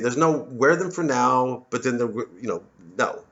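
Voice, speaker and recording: A man's voice: mid-range voice, expressive, normal speed, hardly any pauses, highs cut off. A man, a satirist, delivering a rambling, sardonic monologue full of swearing. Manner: sardonic, swearing, mocks others in put-on voices. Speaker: comedian and satirist.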